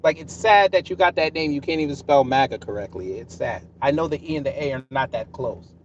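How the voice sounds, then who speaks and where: A man's voice: medium pitch, brisk, far from the mic, lo-fi sound, a little hiss or hum. A man hosting a casual live stream, talking straight to his chat in a combative, sarcastic way. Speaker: livestream host.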